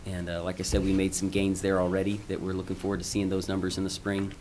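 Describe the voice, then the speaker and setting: A man, a school principal, giving an informal, halting presentation at a school board meeting, with frequent ums and restarts. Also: deep voice, monotone, darkish tone, a little hiss or hum.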